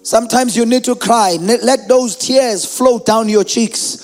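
A man preaching a sermon in a sing-song, chanting style that climbs into shouts. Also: very high-pitched, unhurried, soft background music. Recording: long hall reverb.

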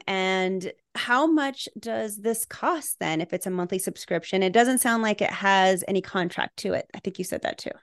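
A woman's voice: medium pitch, clean tone, no echo. Lady hosting a parenting podcast, asking follow-ups, totally dry close mic sound. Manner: engaged, asks follow-up questions. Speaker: podcast host.

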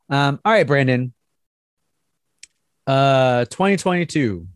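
A man's voice: medium pitch, a little slow, dry recording, studio quality. A man co-hosting a casual chat over a video call, speaking hesitantly with frequent restarts and little laughs. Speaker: podcast co-host.

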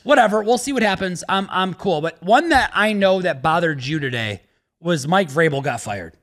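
A man's voice: sits high, moderate pace. A man co-hosting a sports podcast, chatting casually and animatedly about football. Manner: animated, acts out quotes in a raised voice.

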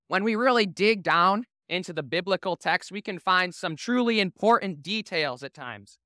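Bright-voiced pastor preaching, man. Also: sits high, clean tone, no echo, clean studio sound. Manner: casual, humorous storytelling. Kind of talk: sermon.

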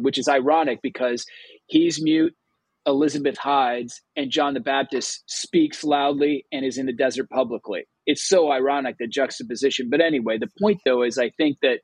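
A man hosting a Gospel reflection show, explaining scripture in an animated way and acting out the quoted words. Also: medium pitch, moderate pace, husky, dry recording, rough recording. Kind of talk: scripture discussion.

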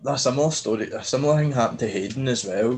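A young man hosting a podcast, telling stories in lively casual chat and swearing freely. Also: medium pitch, fast talker. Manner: animated storyteller, swears freely. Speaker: podcast host.

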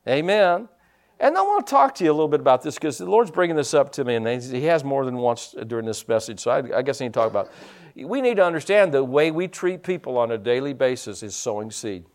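A male pastor talks fast in a medium-pitched, sing-song voice as he preaches. His sermon is conversational, full of amens, and swings between quiet asides and loud, emphatic points.

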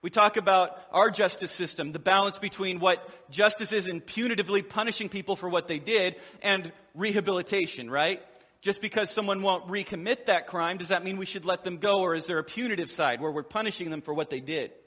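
A middle-aged male pastor delivers a sermon in a relaxed, joking, conversational way. His voice sits high and sounds bright and forward. The hall gives it a long, lingering reverb. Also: brisk. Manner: conversational preaching with humor and acted quotes.

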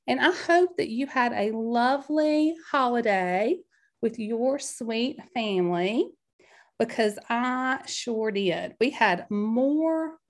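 A woman in her forties talks through her podcast in a bubbly, rambling way. Her voice sits a little on the high side, and she sounds slightly out of breath as she chats on. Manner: bubbly, rambling, animated storytelling. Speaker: podcast host. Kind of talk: chatty solo podcast talk.

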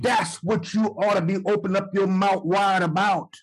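A man preaching and teaching from the Bible, emphatic and slow to repeat scripture lines. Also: high-pitched, steady tone, husky, rough recording. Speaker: apostle and preacher.

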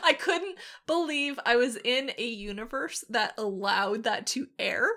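A woman with a high, bright voice talks in an animated, casual way. She tells stories quickly, swears freely and acts out other people's lines. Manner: animated, swearing, quick storytelling with acted quotes. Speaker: podcast co-host. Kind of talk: casual chat.

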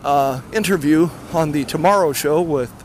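A man walking fast and a little out of breath, rambling casually with many fillers as he introduces clips. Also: on the high side, slight background noise. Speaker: podcast host. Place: outdoors near traffic.

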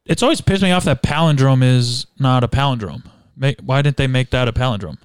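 A man's voice: mid-range voice, fairly quick, smooth, dry recording, studio quality. A young man teasing and cracking jokes in casual chat as a podcast co-host. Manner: teasing, wisecracking.

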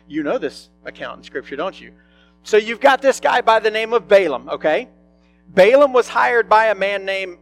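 A man's voice: on the high side, a bit bright. A male pastor preaching a sermon in a conversational way, often asking his listeners questions. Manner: conversational, asks the congregation questions.

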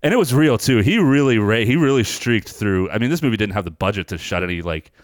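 A man's voice: lowish voice, animated, fast talker, dry recording, studio quality. A man co-hosting a film podcast in casual chat, rambling, swearing freely and animatedly retelling scenes. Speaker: podcast co-host reviewing films.

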